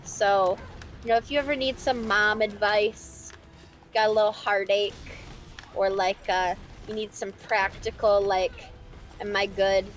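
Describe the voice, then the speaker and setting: A woman's voice: medium pitch, steady tone, unhurried, faint music behind, poor audio. A woman co-hosting a live stream, reading chat questions aloud in a playful, giggly, rambling way with lots of fillers, from a home studio.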